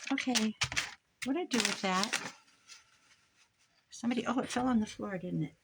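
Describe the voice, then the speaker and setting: A woman's voice: fairly high pitch, normal speed, gravelly. An older woman, a grandmother, chatting casually in her craft room, rambling from one story to the next as she works on pages. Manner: rambling, chatty, jumps between stories. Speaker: crafting vlogger. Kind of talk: casual chat while crafting. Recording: noisy home recording.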